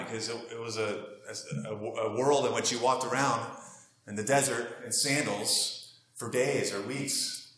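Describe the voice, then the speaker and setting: A man's voice: on the low side, fairly bright tone. A man preaching a sermon, earnest and conversational, asking his listeners rhetorical questions. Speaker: pastor. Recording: roomy echo.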